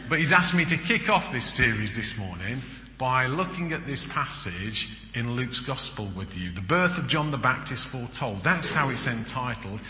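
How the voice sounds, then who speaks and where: A man delivers a sermon as a visiting preacher, talking through stories with frequent "uh"s and restarts. His voice is bright and pushed, and the church is roomy, with a long, lingering reverb. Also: medium pitch. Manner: chatty storytelling with frequent "uh" and repeated words. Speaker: guest preacher.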